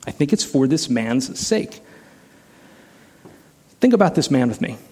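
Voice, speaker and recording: A pastor preaches a sermon in a relaxed, conversational style, peppering listeners with rhetorical questions amid many restarts and "like" fillers. His medium-pitched voice is dark, slightly rough and a little slow, with big swings in pitch.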